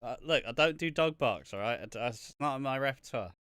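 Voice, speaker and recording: A man's voice: medium pitch, animated, a little fast, a bit bright, clear, resonant tone, dry recording, clean studio sound. A man co-hosting a wrestling podcast in casual, profane chat, joking and slipping into silly impressions. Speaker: podcast co-host.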